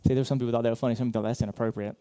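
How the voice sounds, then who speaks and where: A man preaching a sermon as pastor, talking conversationally with many fillers and restarts, swinging between loud emphatic bursts and quiet asides. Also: medium pitch, fairly even intonation, racing. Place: church auditorium.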